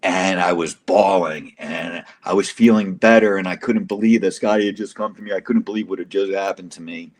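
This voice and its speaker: A man's voice: sits low, fairly even intonation, brisk, hardly any pauses. A man telling an emotional personal testimony as an interview guest, casual and profane, acting out quotes dramatically.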